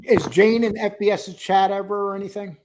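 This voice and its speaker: A man's voice: sits high, little pitch movement, a little fast, darkish tone. A male livestream host chatting casually, joking and teasing as he reads the chat aloud.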